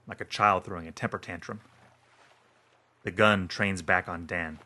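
Low-voiced guy reading a creepy story, bright edgy tone, steady pace. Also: normal speed. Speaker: narrator. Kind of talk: scripted horror narration.

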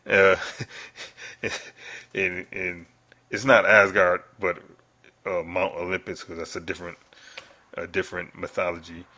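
A man's voice: low-pitched, steady tone, takes it slowly, pauses often, sharp tone. A man hosting a casual comic book review podcast, rambling and swearing, laughing often as he talks. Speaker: podcast host.

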